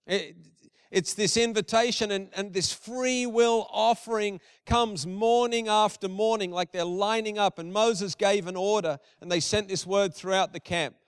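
Middle-aged male pastor, high clear voice, dry and close, preaches casually with emphatic repetition. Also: steady tone, moderate pace, no echo. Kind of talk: sermon.

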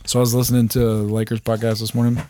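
A man's voice: medium pitch, fast talker. A man co-hosting a casual podcast chat, telling stories animatedly and acting out quotes. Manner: animated storyteller, acts out quotes, swears. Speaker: podcast co-host. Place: small hot room.

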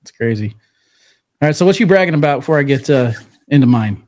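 A man's voice: mid-range voice, animated, fast, a little mellow. Chatty male podcast co-host on a video call, mid-range voice, easy and upbeat. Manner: chatty, hypes things up, laughs between lines. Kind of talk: casual chat. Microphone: remote video call.

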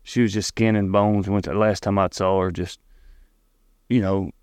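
Earnest Tennessee man with a low voice. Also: level tone, a little mellow, clean tone, dry recording, clean studio sound. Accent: Southern US, Tennessee. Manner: earnest, halting, with frequent restarts and repeated words. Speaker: guest. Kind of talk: personal storytelling in an interview.

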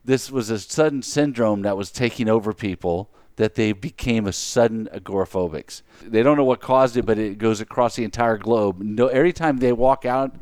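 A man's voice: lowish voice, normal speed, few pauses, darkish tone, no room sound. A man in casual chat, matter-of-fact and teasing.

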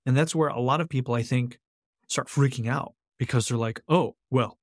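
An earnest man talks through his ideas as a podcast guest, circling back to his key phrases to drive them home. His voice sits at an ordinary middle pitch, and the recording is close and dry with no room sound. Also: a little fast, dry recording. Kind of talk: conversational interview.

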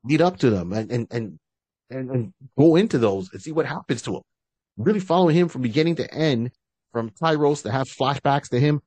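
A man's voice: mid-range voice, lively intonation, moderate pace, darkish tone, no room sound. A man co-hosting a podcast, chatting casually and at length, often restarting his sentences. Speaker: podcast co-host. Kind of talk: casual fan-casting chat.

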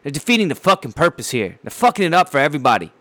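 Racing along in a voice on the high side, recorded with no echo, a man hosts a casual podcast alone. His rant is blunt and animated, full of swearing, fillers and repeated words.

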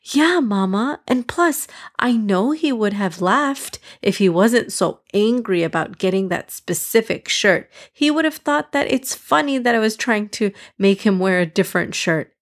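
A woman voicing an upset, earnest young boy in a storybook, lifting her voice higher and brighter. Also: animated, a little slow, few pauses. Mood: aggrieved.

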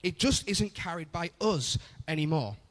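A man's voice: a little high, expressive, moderate pace. A young adult man preaching a conversational sermon, often repeating phrases for emphasis. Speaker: pastor.

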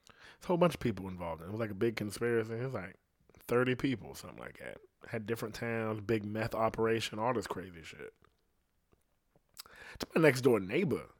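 A young adult man hosting a podcast, telling stories in a crude, profane, animated way. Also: fairly low pitch, fairly quick, no echo, clean studio sound. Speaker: podcast host. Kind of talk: storytelling podcast chat.

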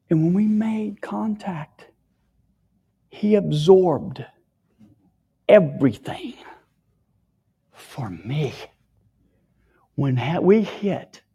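A tearful man gives an emotional personal testimony, frequently dropping to a hushed whisper. His voice is high-pitched and husky, with vocal fry.

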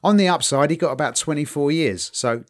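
A middle-aged British man spins anecdotes in a loose, chatty way and jumps into loud impressions of the people in them. His voice sits on the higher side for a man. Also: brisk. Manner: animated storyteller, acts out voices loudly. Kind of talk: casual chat, storytelling.

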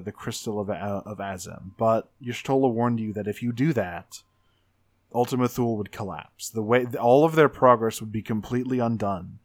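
Dry, low-voiced male podcast co-host. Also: no room sound. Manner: retells a story step by step, acting out character lines. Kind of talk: casual game discussion.

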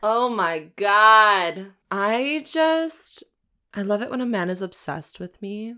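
Playful woman co-host, slow and lively. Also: medium pitch. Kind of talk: casual chat.

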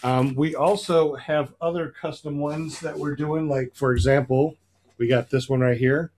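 A man's voice: fairly high pitch, steady tone, normal speed, darkish tone, slight background noise. A man hosting a casual livestream chat, rambling with many fillers. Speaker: host of a paramotor livestream.

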